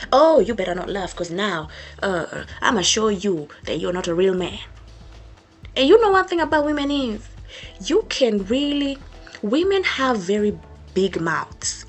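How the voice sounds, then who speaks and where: A woman's voice: mid-range voice, breathy edge. A young woman vlogger giving a sassy, emphatic storytime rant to camera, repeating her points for effect.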